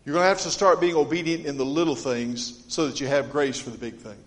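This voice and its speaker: A man preaching a sermon in an earnest, dynamic way, his voice sitting a little higher than most men's. He moves from ringing appeals down to hushed, low lines. The sound carries a long reverb, as in a church sanctuary. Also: fast talker. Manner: earnest, dynamic delivery swinging from loud to hushed. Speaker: pastor.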